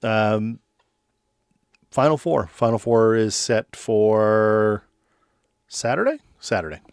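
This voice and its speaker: Co-host type, a man with a lowish voice, loose and joking, dry close recording. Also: fairly even intonation, slow pace, darkish tone, smooth, no room sound. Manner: loose, joking, filler-heavy. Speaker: sports show co-host. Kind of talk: casual sports chat.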